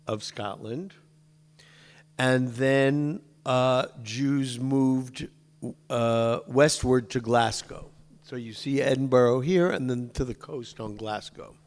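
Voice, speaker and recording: A man giving an informal, chatty lecture to a synagogue class and digressing to talk with his students. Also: medium pitch. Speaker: synagogue teacher. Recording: long hall reverb.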